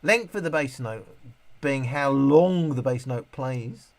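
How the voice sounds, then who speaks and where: A man's voice: medium pitch, slow. Rambling man on a live stream. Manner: rambling, self-interrupting, with many restarts. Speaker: live stream host reading viewer comments. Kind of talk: casual live stream chat.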